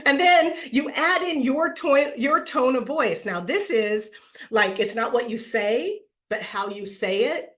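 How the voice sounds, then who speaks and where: A middle-aged woman giving a playful, animated webinar talk on branding, acting out quoted voices and laughing often. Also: high voice, takes it slowly. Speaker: branding speaker at an online summit. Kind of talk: lively webinar presentation.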